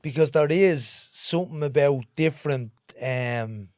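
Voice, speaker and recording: A man with a Dublin accent, a podcast guest, chatting in a lively way with quick asides. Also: a little high, slight background noise. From Dublin, Ireland. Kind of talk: casual interview chat.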